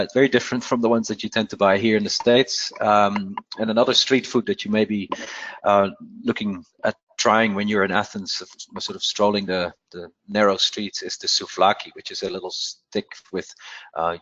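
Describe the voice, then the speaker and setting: A man presenting a slide talk about travel to an audience, conversational and often pausing with fillers. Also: lowish voice, a bit bright, no room sound. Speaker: cruise line presenter. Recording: dry, dull lo-fi sound.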